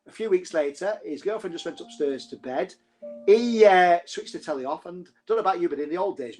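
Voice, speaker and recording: A chatty man with a northern English accent spins ghost stories for his live audience. His voice sits a little high and he jokes and laughs along as he goes. Soft music plays faintly behind him. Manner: chatty, jokey, laughs often. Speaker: host. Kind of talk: live-streamed ghost storytelling.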